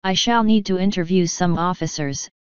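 A woman voicing a calm, prim male government inspector who speaks precisely and formally. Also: on the low side, normal speed, smooth, no echo, highs cut off, close to an everyday voice.

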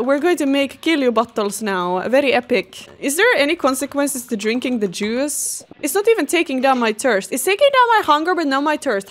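Excitable young woman. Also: on the high side. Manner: chatty, excitable, talks to chat. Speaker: gaming streamer. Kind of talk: casual let's-play commentary. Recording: faint game music behind.

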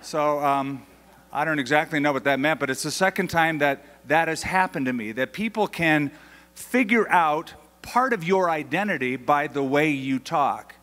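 An older American pastor preaching a sermon in a conversational, emphatic way, slowing down to stress key phrases. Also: male voice, fairly high pitch, fairly bright tone. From United States. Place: large church hall. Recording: long hall reverb.

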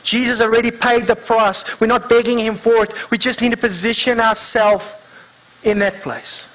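A pastor with a notably high voice preaches to his congregation in church. He presses them with earnest rhetorical questions. He slows down and lays weight on each word when reading scripture. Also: flat delivery, a bit bright, poor audio. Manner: reads scripture slowly and deliberately. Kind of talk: sermon.

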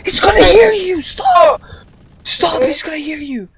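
A woman's voice: lively intonation, measured pace, a loud crowd. A woman putting on the voice of a cranky, bossy young boy who whines and bosses teammates around in game voice chat. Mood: whiny. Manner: whiny, bossy, shrill outbursts. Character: cranky bossy young boy gamer, whiny, easily upset. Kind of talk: voice chat during an online shooter game.

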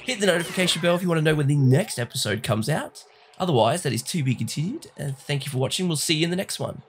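A man's voice: on the high side, animated, fast, a little hiss or hum. Joking man in game commentary. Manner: joking, rambling banter. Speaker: let's play co-host. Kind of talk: casual gaming commentary.

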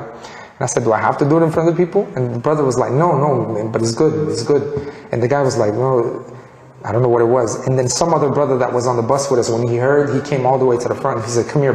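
A man's voice: medium pitch, a little mellow. A man from Colombia telling his story of becoming a Muslim, acting out the dialogue as he goes. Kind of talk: personal testimony. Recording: echoey room with long reverb.

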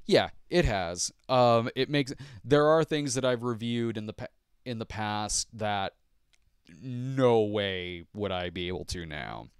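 A man's voice: on the low side, normal speed, clear, resonant tone, no echo. Man, 50s, podcast host, casual rambling chat, self-deprecating, chuckles often, dry close sound. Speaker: podcast host and movie reviewer. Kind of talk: casual podcast chat answering viewer questions.

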